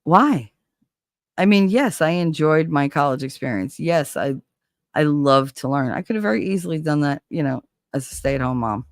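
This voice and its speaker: A woman's voice: low voice, expressive, moderate pace, no echo. Candid woman with a Jersey accent. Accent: New Jersey. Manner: candid, profane, chatty. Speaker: livestream host. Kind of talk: casual livestream chat.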